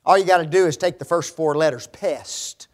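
A man with a notably high voice preaching a sermon. He stresses his words hard and keeps throwing rhetorical questions at his listeners. His tone turns scornful when he repeats the phrases he is arguing against. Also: normal speed. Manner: emphatic, rhetorical questions to the audience, mocking quoted phrases.

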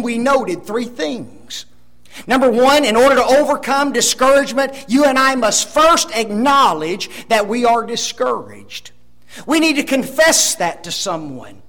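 High-voiced man preaching a sermon. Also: fairly bright tone. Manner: emphatic, ends points with rhetorical tag questions.

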